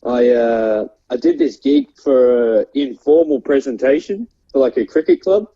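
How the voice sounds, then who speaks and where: A young Australian stand-up comedian tells rambling stories in a casual chat, full of fillers and frequent laughter. His medium-pitched voice swings widely in pitch at a normal speed and sounds creaky, mellow, and slightly rough, captured with a dull lo-fi quality.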